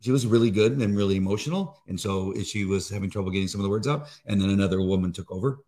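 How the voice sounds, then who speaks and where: A middle-aged man co-hosting a faith devotional, talking in a halting, emotional way with many fillers. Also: fairly low pitch, dark tone. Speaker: devotional co-host. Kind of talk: casual faith chat.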